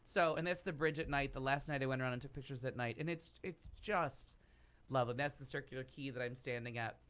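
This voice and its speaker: In a mid-range, slightly bright voice, a man talks fast while recounting a long travel story. He's a podcast cast member in casual talk-show chat, rambling and making lots of asides.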